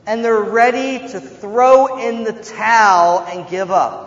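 Slow-preaching man in an echoey hall. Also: high-pitched. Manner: earnest, shifts from hushed to shouting. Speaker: pastor. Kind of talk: sermon. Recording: echoey hall, dull and slightly noisy.

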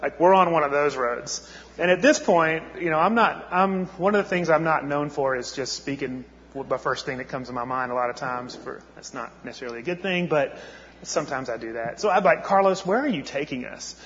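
A man telling a story in a sermon, conversational and full of restarts. His voice sits a little high. The sound is muffled and rings with a long hall echo. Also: a little fast, a bit bright, slight background noise. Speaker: missionary speaker.

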